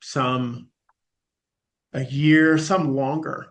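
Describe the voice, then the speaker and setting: A man in his late forties chatting casually, telling stories with animated reenactments and bursts of laughter. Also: medium pitch, extremely slow. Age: 40s. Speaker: podcast guest. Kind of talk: casual chat.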